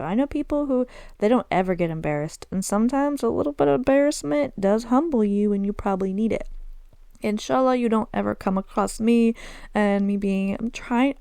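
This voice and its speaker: Woman, Southern American accent, podcast host, candid chatty storytelling, gravelly, dry sound. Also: medium pitch, mellow, no room sound. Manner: chatty, candid, self-deprecating, sprinkles Arabic phrases. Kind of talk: casual solo podcast storytelling.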